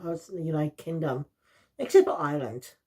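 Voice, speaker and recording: A reviewer from South Wales talks at a middling pitch. The delivery is loose and rambling, often losing the thread. It feels like a casual spoken review. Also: fairly quick, a little mellow, husky.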